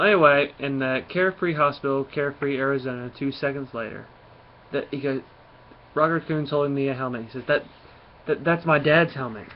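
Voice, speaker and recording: A man casually reviewing a comic book, rambling through the plot with lots of pauses and fillers. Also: mid-range voice. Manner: rambling, filler-heavy retelling. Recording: dull lo-fi audio with faint noise.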